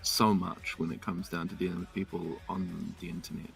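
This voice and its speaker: Kiwi guest on a stream with a low, gravelly voice, sitting back from the mic. Quick talker reining it in. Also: male voice, soft background music. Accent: New Zealand. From New Zealand. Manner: fast-talking when relaxed, holds back his pace. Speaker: guest narrator. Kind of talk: casual livestream chat. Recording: distant from the mic.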